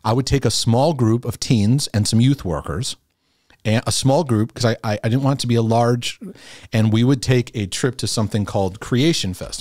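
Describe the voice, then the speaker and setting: A man's voice: lowish voice, a little mellow, no room sound, studio quality. A middle-aged man, a host and former youth pastor, talking casually and reflectively to a camera, often repeating himself, restarting phrases and chuckling. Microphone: camera in front of him.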